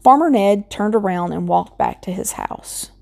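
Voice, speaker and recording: Mellow woman reading a picture book. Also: mid-range voice, expressive, normal speed, vocal fry, a little hiss or hum. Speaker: storybook reader.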